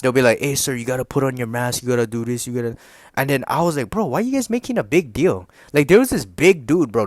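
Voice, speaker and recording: Profane rambling young man, slightly high voice. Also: a bit bright, dry recording. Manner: rambling, profane, filler-heavy, keeps addressing the audience. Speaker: YouTuber. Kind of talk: casual storytelling rant to camera.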